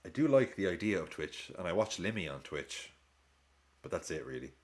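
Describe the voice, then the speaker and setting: A man hosting a live football watch-along stream, casually chatting with viewers and reacting to the match. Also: normal speed. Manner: chatty, reacts to play and reads chat aloud; lively swings in pitch.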